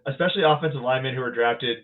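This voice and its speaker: A man's voice: mid-range voice, racing. A man hosting a podcast, asking friendly, rambling questions in casual chat. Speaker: podcast host. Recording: tinny phone-like line.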